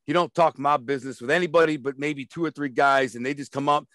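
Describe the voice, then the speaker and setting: A man's voice: on the high side, steady tone, fast, a bit bright, dry recording, studio quality. A man telling stories as an interview guest, blunt and streetwise, rambling and repeating words as he goes. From Detroit. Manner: rambling, repeats words, acts out quoted voices. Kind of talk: storytelling in a casual interview.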